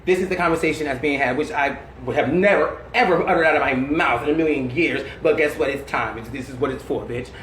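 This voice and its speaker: A woman telling candid stories in an interview, blunt, slangy and animated, laughing often. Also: deep voice, fast talker, few pauses, reverberant, slight background noise, poor audio.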